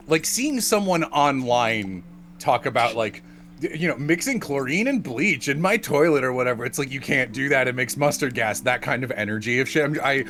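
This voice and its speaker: An Irishman with an Irish accent chats casually with friends on a live stream, joking, laughing often and putting on jokey voices when quoting. His mid-range voice moves at a moderate pace, with a little hiss or hum in the audio.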